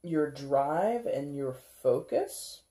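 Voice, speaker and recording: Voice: medium pitch, animated, extremely slow, mellow. A tarot reader giving a casual reading, rambling with lots of "like" and "kinda", laughing often and acting out how viewers might react. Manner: chatty, rambling, full of "like" and "kinda".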